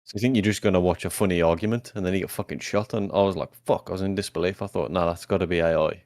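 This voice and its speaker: Deep-voiced young man, laid-back. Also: fairly even intonation, rapid-fire, a little mellow, no room sound. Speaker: podcast co-host. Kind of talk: casual chat.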